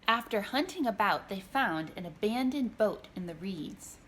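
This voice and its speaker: A woman reading her picture book aloud, gentle and expressive. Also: medium pitch, normal speed, a little hiss or hum. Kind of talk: storybook read-aloud.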